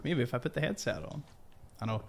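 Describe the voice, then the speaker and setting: A man's voice: medium pitch, expressive, fast, vocal fry. A man giving chatty, joking let's-play commentary. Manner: chatty and jokey. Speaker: gaming youtuber.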